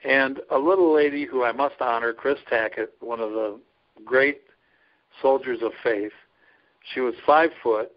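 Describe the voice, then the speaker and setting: Man, folksy storyteller, earnest, chuckles a lot, mid pitch, dull lo-fi sound. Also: unhurried. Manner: earnest, folksy, laughs often. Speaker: trucker chaplain and ministry leader. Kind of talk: storytelling in a casual interview. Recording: dull lo-fi recording.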